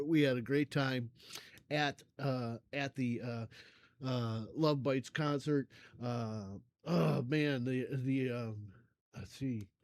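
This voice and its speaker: An older man hosting a music reaction channel chats casually to his viewers, rambling and halting with many fillers, effusive in his thanks, often coughing and clearing his throat. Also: mid-range voice, no room sound. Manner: effusive, warm toward viewers.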